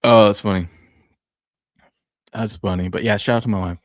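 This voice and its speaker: A man's voice: on the low side, steady tone, normal speed, no echo, clean studio sound. A man in his thirties, a co-host, casually chatting and telling family stories with plenty of laughs. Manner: laid-back storyteller, laughs a lot. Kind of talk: casual sports show chat.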